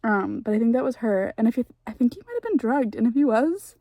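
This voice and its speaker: In a casual reading vlog, a young female book vlogger reacts to a book, her voice pitched on the high side, very animated and a little fast, with a dark tone and no echo. She gushes, gets exasperated, laughs, and rants by turns.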